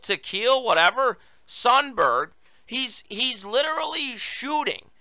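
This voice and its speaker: A man's voice: high-pitched, gravelly, pushed and bright, clean tone, no echo. A man hosting his own show, giving a political commentary monologue and reading news quotes aloud with running asides. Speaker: show host.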